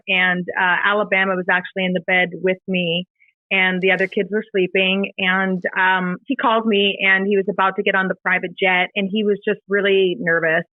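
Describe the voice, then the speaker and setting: A middle-aged woman speaks as a podcast guest, recounting a painful memory in halting, emotional bursts full of fillers and restarts. Her voice sits at a middle pitch and comes through a narrow, phone-like band with no room echo at all. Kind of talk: personal storytelling in an interview. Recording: dry, tinny phone-like sound.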